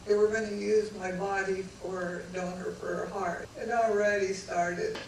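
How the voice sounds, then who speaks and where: A woman addresses a live audience in an inspirational talk, slow and heartfelt with a teasing streak. She sounds far from the microphone in a large hall full of echo. A steady hum of room noise sits behind her voice. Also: medium pitch. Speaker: guest speaker.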